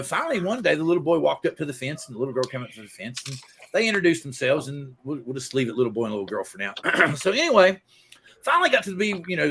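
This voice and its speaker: A man's voice: a little high, vocal fry, fairly bright tone, slightly rough. A man hosting a casual group show, telling a long joke in a rambling, folksy way. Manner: rambling, folksy storyteller with lots of fillers. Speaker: podcast host.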